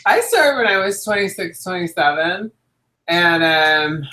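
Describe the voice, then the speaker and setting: Bright-voiced, animated woman in an echoey room. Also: lowish voice, measured pace. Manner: animated storyteller, laughs often. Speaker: co-host. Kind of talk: casual chat.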